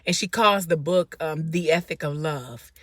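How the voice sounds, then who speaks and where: A woman's voice: sits low, moderate pace, no room sound, studio quality. A woman vlogger casually recapping a book from inside a car, rambling with lots of fillers. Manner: rambling retelling with many fillers.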